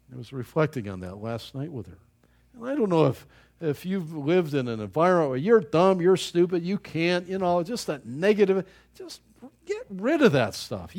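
A man preaching a sermon, exhorting his listeners emphatically and swinging between loud and soft. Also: on the high side.

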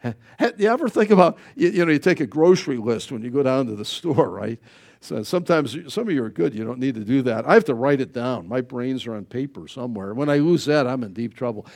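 A man preaching a sermon as pastor, swinging between loud emphasis and quiet asides. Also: medium pitch, expressive, quick pace.

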